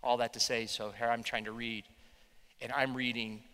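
A man, a pastor, preaching a sermon with animated storytelling. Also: mid-range voice, normal speed, smooth, long reverb tail. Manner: animated storytelling, voicing quotes loudly.

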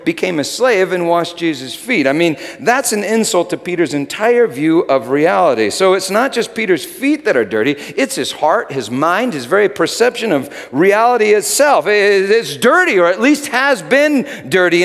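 A middle-aged man preaching a sermon, moving between loud shouted lines and quiet whispers. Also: high-pitched, very animated, normal speed, few pauses. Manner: dramatic swings from shouting to hushed whispers. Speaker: pastor. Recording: long hall reverb.

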